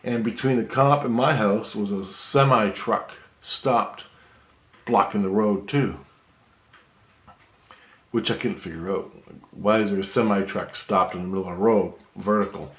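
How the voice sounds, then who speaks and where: A man's voice: fairly low pitch, a little slow, echoey room. A man casually telling a dream story, rambling and conversational.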